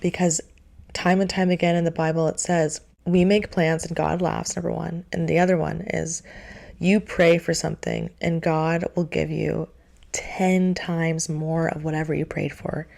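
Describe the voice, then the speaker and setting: Gravelly-voiced young woman, earnest reassurance. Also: low voice, level tone, normal speed, a little mellow. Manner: earnest, repetitive, faith-filled reassurance. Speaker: vlogger. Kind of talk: casual encouraging monologue.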